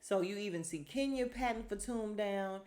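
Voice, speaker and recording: This woman has a medium-pitched, darkish voice and a moderate pace. She delivers a casual solo recap of a reality show for her podcast, chatty and exasperated, slipping into impressions of the cast's lines.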